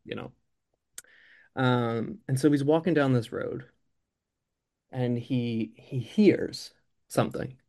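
A man's voice: medium pitch, slow pace, long pauses, darkish tone. A man improvising a comic story in a rambling, filler-heavy way.

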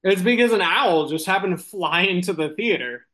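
A man's voice: high-pitched, normal speed, pushed and bright. A man improvising a silly comic story, rambling and giggling, with lots of ums and restarts. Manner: rambling, giggly, many fillers.

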